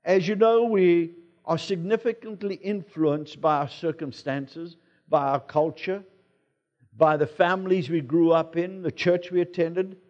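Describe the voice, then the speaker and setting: A man with a South African accent, preaching a sermon as pastor in a relaxed, conversational way, with personal anecdotes. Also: high voice, highs cut off. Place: church sanctuary.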